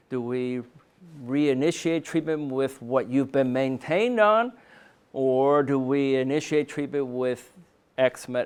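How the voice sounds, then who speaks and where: Guy lecturing doctors at a meeting, smooth clear voice, chatty, keeps saying right?. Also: mid-range voice, measured pace, a little mellow. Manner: conversational, frequent "um" and "right?" tag questions. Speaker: psychiatrist presenting to a medical panel. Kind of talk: conference lecture. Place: meeting room.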